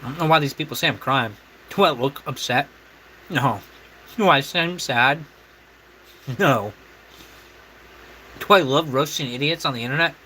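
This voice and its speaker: A brash man hosts a cooking livestream and roasts his viewers with crude, profane insults. His voice is fairly high and sharply bright. A faint background noise runs under him. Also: normal speed, long pauses, rough recording. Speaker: livestream host.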